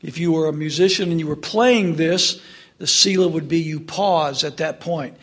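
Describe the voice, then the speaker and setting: A man preaching a sermon, retelling a story with drama, dropping to a hush for sad moments and rising to call out to his listeners. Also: on the high side, normal speed. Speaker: pastor.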